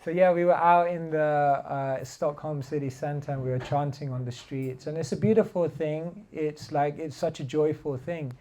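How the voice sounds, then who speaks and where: Mellow-voiced man giving a chatty class. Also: on the high side, fairly even intonation, normal speed, few pauses, a little hiss or hum. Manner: chatty, laughing, many fillers like "like". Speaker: spiritual teacher. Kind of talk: casual sermon with storytelling.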